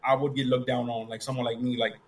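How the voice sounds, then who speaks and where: Fast-talking animated man. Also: medium pitch. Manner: animated storyteller, acts out quoted voices. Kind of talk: casual chat.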